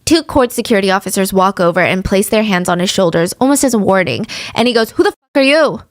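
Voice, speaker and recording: A woman hosting a true-crime podcast, telling the story with animated and indignant commentary. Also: mid-range voice, fast talker, no echo, studio quality. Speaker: podcast host.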